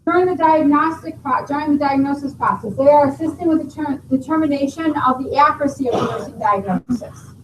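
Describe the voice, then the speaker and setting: A woman's voice: high-pitched, a little fast, distant mic. A woman teaching a nursing class, explaining and quizzing her students. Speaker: nursing instructor. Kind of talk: classroom lecture. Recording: roomy classroom recording from afar, faint noise.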